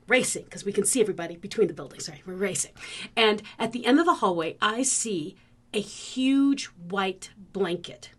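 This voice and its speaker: A woman from the Philippines, a podcast host, telling a personal story in an animated way and acting out the scenes. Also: mid-range voice. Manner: vivid storyteller who acts out the scenes.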